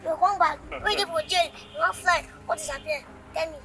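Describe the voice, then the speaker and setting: A woman with a Nigerian Pidgin accent, playing a defiant woman who taunts a rival in a rapid, scornful way. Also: very high voice, creaky, far from the mic. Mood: taunting.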